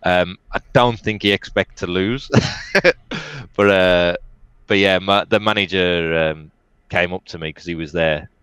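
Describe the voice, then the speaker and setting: A man, an esports player, telling lively stories as an interview guest and laughing now and then. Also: deep voice, a little slow, clear, resonant tone, no echo. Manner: animated anecdotes, laughs often, quotes others. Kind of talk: casual storytelling.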